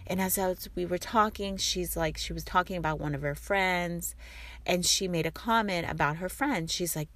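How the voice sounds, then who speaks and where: A middle-aged woman talking in a soft, rambling, reflective way, with many fillers. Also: lowish voice, normal speed, no room sound. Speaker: vlogger. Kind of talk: reflective casual monologue.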